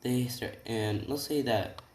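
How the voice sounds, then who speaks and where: A man's voice: mid-range voice, slow, background noise. A young man improvising a fan-fiction story, rambling and often tagging "right?" and correcting himself. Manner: rambling, frequent tag questions and self-corrections. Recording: roomy room, distant mic, keyboard typing.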